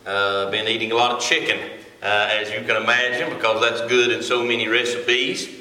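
Bright-voiced folksy preacher in his forties. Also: mid-range voice, fairly even intonation. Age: 40s. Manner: folksy, halting with many uh fillers. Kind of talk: sermon with a joke opener. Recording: echoey reverberant hall.

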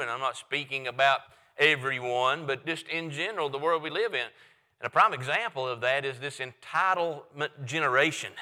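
A man preaching a Sunday sermon as pastor, telling a folksy joke story and reading scripture slowly. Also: mid-range voice, bright, forceful tone. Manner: folksy storytelling with joking asides; reads scripture slowly and deliberately.

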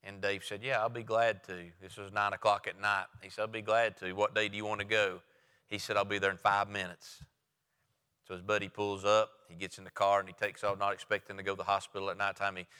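A man's voice: lowish voice, steady tone, a little fast, pushed and bright, smooth, big-room sound. A man preaching a sermon, telling a story with quoted dialogue and then driving home his point.

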